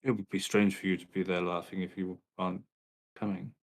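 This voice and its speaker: A man's voice: low-pitched, little pitch movement, a little fast. A player voicing a cocky male adventurer, dry and teasing in tone.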